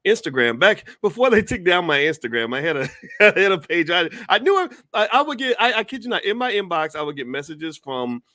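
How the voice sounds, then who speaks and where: A man's voice: high-pitched, very animated, a little fast, pushed and bright, no echo, studio quality. A man talking on a video call as a guest commentator, giving long, opinionated explanations in casual conversation.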